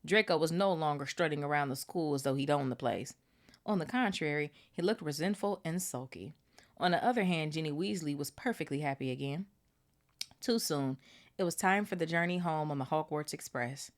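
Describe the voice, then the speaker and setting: A woman hosting a book club podcast, reading a novel aloud with animated, swearing asides. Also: sits low, normal speed. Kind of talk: casual read-aloud with commentary.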